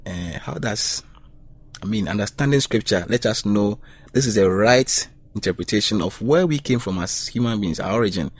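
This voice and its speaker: A man hosting a faith discussion, leading the panelists with questions. His voice is a little low and husky. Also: expressive, normal speed, no room sound. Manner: asks questions and prompts panelists. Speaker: host. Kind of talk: radio panel discussion on Bible study.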